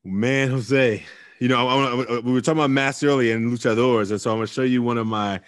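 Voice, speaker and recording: A man hosting a podcast, talking in a reflective, casual way and letting his sentences trail off softly. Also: mid-range voice, steady tone, fairly quick. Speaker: podcast host. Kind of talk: casual interview chat.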